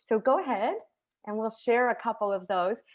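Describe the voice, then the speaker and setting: A woman teacher giving an online conference talk over a video call, lively and conversational, with frequent check-ins of "right?" and soft laughs. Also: a little high, moderate pace.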